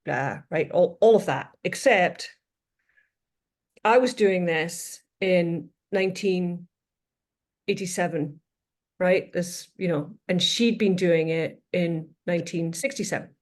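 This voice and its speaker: Woman in her 50s, low-pitched. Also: takes it slowly. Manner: thoughtful, circles back and restates points. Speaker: podcast guest. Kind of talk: reflective conversational storytelling.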